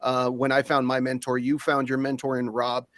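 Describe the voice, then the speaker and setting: A man co-hosting a livestream over a video call, talking in a relaxed, supportive way with many fillers. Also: medium pitch, moderate pace, no room sound, clean studio sound. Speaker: co-host.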